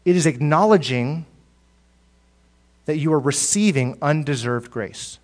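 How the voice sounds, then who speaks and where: A male pastor delivering a sermon in a slightly higher voice. He swings from loud, emphatic lines down to quiet, low asides. He often repeats words as he speaks. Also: animated, a little slow.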